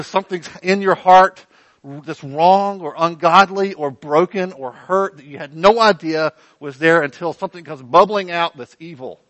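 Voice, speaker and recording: A man preaching a sermon in an animated, conversational way with playful asides. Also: a little high, no echo, low-quality recording. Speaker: pastor.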